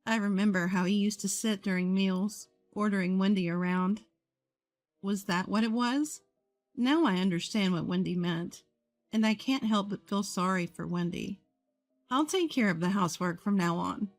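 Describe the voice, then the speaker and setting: A woman narrating a first-person story in a calm, measured way. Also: medium pitch. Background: faint music.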